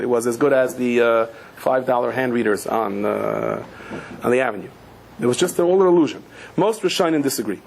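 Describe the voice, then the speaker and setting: A man, a rabbi giving a Torah class, telling stories with light humor and acting out quoted voices, mixing in Yiddish and Hebrew words. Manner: animated storyteller, acts out quoted voices with sudden high pitch.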